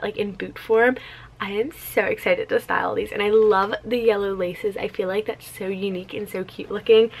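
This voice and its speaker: A woman's voice: fairly high pitch, a little hiss or hum. A young woman chatting casually to camera in a vlog, bubbly and gushing, often saying "you guys" and "like". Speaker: vlogger.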